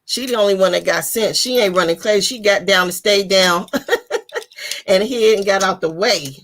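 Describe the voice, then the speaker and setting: A woman's voice: medium pitch, normal speed, a bit bright. A woman hosting a live book discussion, chatting casually with slang and frequent laughter.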